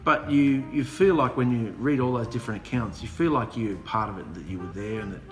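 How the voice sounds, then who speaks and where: A man preaching an animated, humorous sermon, sarcastic and worked up. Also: mid-range voice, fairly quick. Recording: echoey room with music behind.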